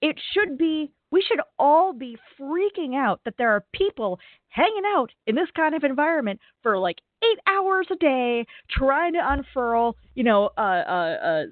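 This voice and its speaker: A woman co-hosting a casual space podcast, talking in an animated, emphatic way with lots of "like" and "you know". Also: high-pitched, a little slow, dry recording. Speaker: podcast co-host. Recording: tinny phone-like line.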